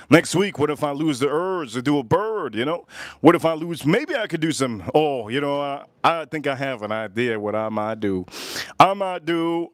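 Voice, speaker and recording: An American man hosts a casual live stream from his backyard grill, rambling, repeating himself, and using plenty of fillers. His medium-pitched voice comes through dry and clean, like a studio recording.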